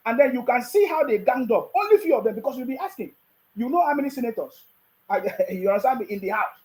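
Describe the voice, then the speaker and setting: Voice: medium pitch, animated, a little fast, darkish tone, rough recording. A speaker with a Nigerian accent giving casual political commentary to the camera. The speaker fires off mocking rhetorical questions, chuckles between points, and keeps checking in with "you understand me?".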